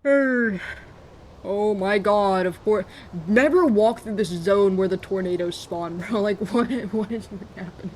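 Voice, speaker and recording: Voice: mid-range voice, normal speed, hardly any pauses, a little hiss or hum. A streamer chatting casually during a late-night live game stream, joking, rambling and laughing often.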